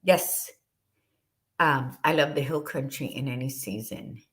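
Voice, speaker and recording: A middle-aged woman co-hosting a podcast speaks in a low voice with passionate, unfiltered conviction. Swearing freely, she talks from the heart in a casual, motivational style, at a measured pace with a slightly bright tone.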